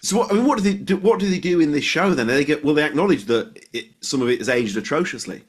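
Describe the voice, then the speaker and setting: A man's voice: fairly high pitch, expressive, fast talker, husky. A man hosting a podcast, reacting and asking questions in a casual, conversational way. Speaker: podcast host.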